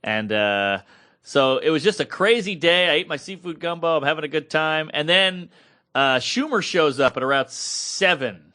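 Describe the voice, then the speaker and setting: Man, 30s, podcast co-host; bright, forceful, slightly high voice; animated, salty storyteller. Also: normal speed. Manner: animated, swears freely, acts out quoted people. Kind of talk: casual storytelling chat.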